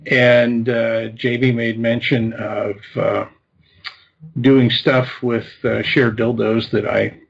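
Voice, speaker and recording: A man in his fifties, a medical advisor guest, talking in a relaxed, rambling way. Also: medium pitch, slow, creaky. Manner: relaxed, rambling, with many fillers. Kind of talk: casual interview chat. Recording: dull lo-fi call audio.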